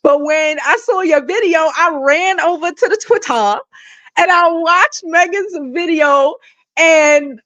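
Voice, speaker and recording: A woman in her forties from Brooklyn, gossiping in animated, laughing casual chat and swearing freely while cooking at home. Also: extremely high pitch, measured pace, dry recording, lo-fi sound. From Brooklyn, New York. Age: 40s. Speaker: guest panelist. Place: home kitchen.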